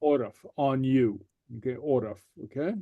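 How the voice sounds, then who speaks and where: A man teaching a language class, pausing often with fillers and repeating each word for his students. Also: medium pitch, no room sound, phone-quality sound. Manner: halting, many fillers, repeats words for students.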